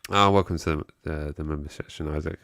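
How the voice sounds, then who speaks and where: A man's voice: a bass voice, steady tone, fast, gravelly, fairly bright tone, clear, resonant tone, dry recording, studio quality. An English man co-hosting a football fan live stream, joking casually and reading out chat comments. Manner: jokey, reads chat aloud, chuckles and trails off. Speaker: co-host of a football fan show.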